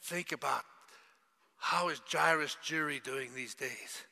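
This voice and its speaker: Gravelly preacher in a reverberant hall. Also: male voice, on the high side, takes it slowly. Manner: dramatic, swings from loud cries to hushed whispers. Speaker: pastor. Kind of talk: sermon. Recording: long reverb of a large hall.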